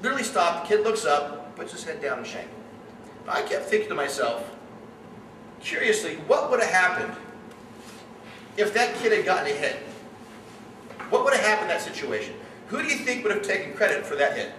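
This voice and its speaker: A middle-aged man speaks to parents as their coach, telling animated stories and putting questions to the room. His voice sits slightly high. It is picked up from afar, with room echo and steady background noise. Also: fairly quick, pauses often. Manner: animated storytelling, addresses the audience directly. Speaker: youth sports coach. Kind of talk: seminar talk to parents. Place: room with an audience. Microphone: distant room mic. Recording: echoey room, distant mic, background noise.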